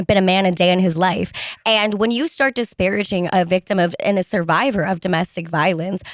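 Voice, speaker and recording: A woman's voice: mid-range voice, no room sound. A woman being interviewed as a guest on a political podcast, speaking firmly and emphatically. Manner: firm and emphatic.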